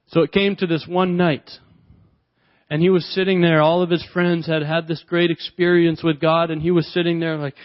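A man's voice: sits high, moderate pace, dull audio. A man preaching a sermon, telling a story earnestly and repeating phrases for emphasis. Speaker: pastor.

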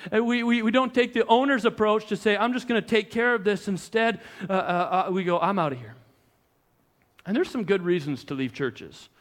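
A young adult man, a pastor, preaching a sermon in a conversational, animated storytelling way with frequent restarts. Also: high-pitched, brisk, few pauses.

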